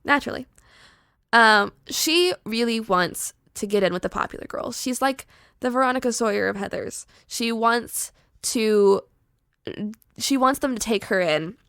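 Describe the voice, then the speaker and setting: A young woman podcast host casually pitching a horror story, chatty and animated with lots of filler words. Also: unhurried, clean tone, no room sound, studio quality.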